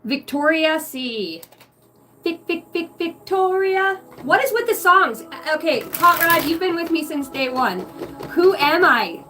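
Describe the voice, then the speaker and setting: A woman's voice: high voice, sing-song, a little slow, bright, forceful tone, far from the mic. A woman giving a rambling, profane channeled reading to her viewers, free-associating and giggling at herself. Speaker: psychic reader on a livestream.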